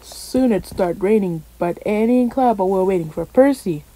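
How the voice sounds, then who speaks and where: A woman's voice: medium pitch, normal speed, warm tone, rough recording. A woman narrating a children's story, reading with small slips and stumbles.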